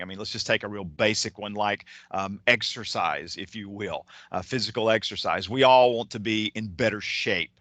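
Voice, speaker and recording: A keynote speaker with a lowish, somewhat bright voice gives a motivational talk on time management, recorded with no room sound. He is enthusiastic and digressive and often restarts his sentences.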